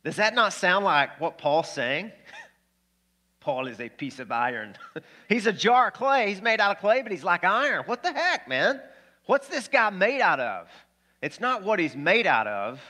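Male pastor, fairly high and bright tone, lively conversational sermon delivery that keeps asking the room questions. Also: unhurried. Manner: energetic, conversational preaching with questions to the congregation.

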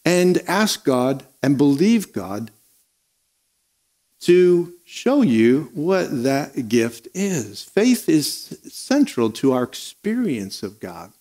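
A man's voice: fairly high pitch, sing-song, drawn-out words, warm tone. A middle-aged male pastor preaching a sermon, emphatic, repeating phrases and calling out to the congregation.

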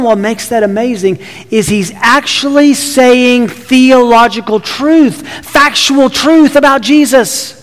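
A man's voice: extremely high pitch, slow, long reverb tail. A man preaching a sermon, emphatic, often restarting his words as he builds his points. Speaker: pastor.

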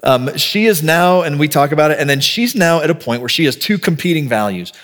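In a brisk, fairly high-pitched voice, a man preaches as a pastor. His sermon is relaxed and conversational, and he thinks aloud and acts out snippets of dialogue to get his point across.

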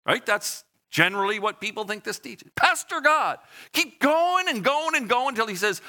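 A man's voice: very high voice, animated, normal speed, few pauses, sharp tone. A man preaching a sermon in a conversational way, asking the congregation questions and acting out short voices. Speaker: pastor.

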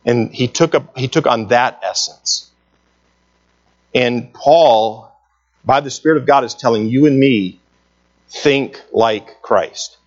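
A man's voice: medium pitch, unhurried, long pauses, dull audio. A man preaching a sermon, earnest and emphatic, reading scripture aloud and repeating key phrases for weight.

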